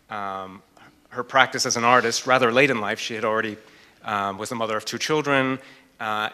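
Man on a museum panel, lowish voice, bright tone, thoughtful and full of pauses. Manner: thoughtful, hesitant with frequent fillers. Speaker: author and art historian. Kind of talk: panel discussion. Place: lecture hall. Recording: reverberant hall.

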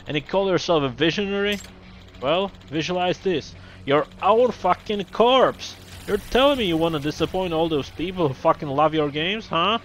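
A man's voice: on the high side, normal speed, slight background noise, close to an everyday voice. An actor playing a hot-headed, foul-mouthed game producer who bullies his staff in a video game. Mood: enraged. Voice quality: snarling, swearing.

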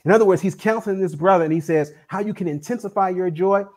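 A man preaching a sermon, emphatic and animated, often speeding up and slowing down. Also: high-pitched. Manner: animated, emphatic preaching with shifting pace and volume. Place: church sanctuary.

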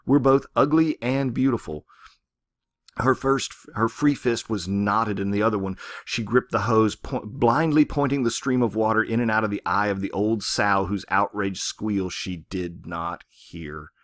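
A man's voice: lowish voice, unhurried, fairly bright tone, no echo, clean studio sound. A man teaching a short story in a conversational lecture, often checking in with listeners. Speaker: literature teacher.

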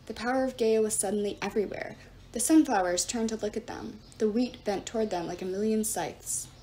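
A woman's voice: medium pitch, fairly quick, warm tone, slight background noise. A woman reading a novel aloud, narrating expressively and switching into the characters' voices.

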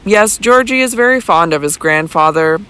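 A man's voice: high voice, animated, normal speed, bright, forceful tone, clean tone. A man reading the part of a fussy, shabby-genteel old man with a timid, placating manner.

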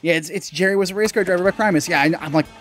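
A young man, a gaming channel host, giving casual gameplay commentary, chatty and excitable, swearing mildly and yelping when things go wrong. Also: rapid-fire. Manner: excitable, bursts into high yelps and laughs at mistakes. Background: faint game music.

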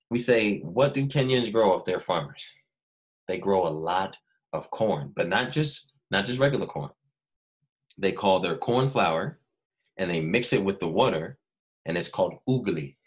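A male first grade teacher giving a remote lesson, animated and coaxing the children to repeat words after him. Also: low-pitched. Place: Los Angeles.

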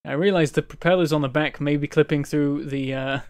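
Higher-voiced man streaming a game. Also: steady tone, fairly quick, darkish tone, clean tone, dry recording, studio quality. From northern England. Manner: thinks aloud, reading chat, bursts of frustrated exclamations. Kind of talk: live-stream gameplay commentary.

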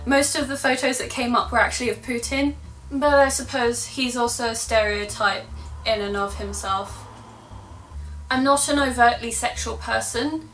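A woman's voice: a little high, a bit bright. A young woman from Russia talking casually to camera, chatty and sarcastic, laughing often. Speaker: vlogger. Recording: echoey room from a distance, music behind.

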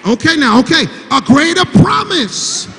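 A man's voice: very high voice, very animated, unhurried, creaky, pushed and bright. A grieving man preaching a call-and-response sermon to his congregation, repeating words for emphasis and pressing the room to answer back. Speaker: preacher, son of the late pastor. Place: large church sanctuary. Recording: church sanctuary with long reverb.

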